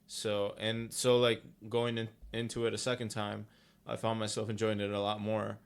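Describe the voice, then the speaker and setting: Young male podcast co-host, gravelly, rambling and profane, casual. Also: fairly low pitch, completely flat delivery, normal speed. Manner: rambling, filler-heavy, profane. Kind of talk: casual chat.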